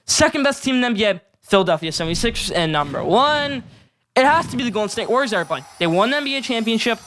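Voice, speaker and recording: A man's voice: very high voice, lively intonation, rapid-fire, a bit bright, a little hiss or hum. A young man hosting a solo sports show, running hyped, emphatic segments and repeating his points. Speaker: sports podcast host.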